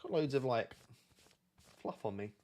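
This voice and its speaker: This young British streamer chats casually and reads questions from his audience aloud. He has a medium-pitched, somewhat dark voice with lively intonation, and he takes his time.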